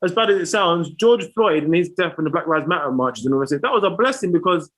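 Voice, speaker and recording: Quick, high-voiced podcast host. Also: male voice, lively intonation, fairly bright tone. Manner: teasing banter. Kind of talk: casual podcast chat.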